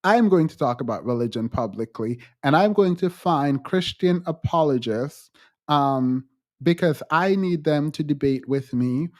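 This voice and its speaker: A man hosting a livestream, talking frankly to his chat in halting restarts and growing emphatic when he quotes others. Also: a little high, expressive, a little mellow. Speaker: livestream host. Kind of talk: livestream chat answering viewers.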